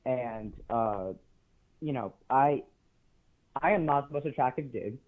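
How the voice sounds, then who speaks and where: A teenage male caller telling a story with many pauses and fillers. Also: mid-range voice, lively intonation. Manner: hesitant, many ums and uhs. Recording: tinny phone line.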